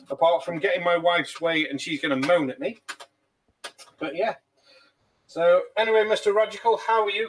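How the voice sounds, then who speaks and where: A man's voice: high voice, distant mic. A man hosting a casual live stream, chatty and jokey, swearing freely, a few pints in. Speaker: streamer host.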